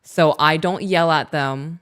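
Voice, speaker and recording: A woman co-hosting a podcast, chatting casually and telling family stories in an animated way. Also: low voice, slow, clear, resonant tone. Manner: chatty storyteller, animated retelling. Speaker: podcast co-host. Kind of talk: casual chat.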